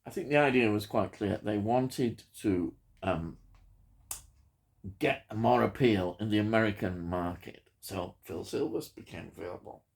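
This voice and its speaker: A man's voice: fairly low pitch, unhurried, darkish tone. A man chatting casually about a film, enthusiastic and rambling, often chuckling. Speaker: film reviewer. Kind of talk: casual film review chat.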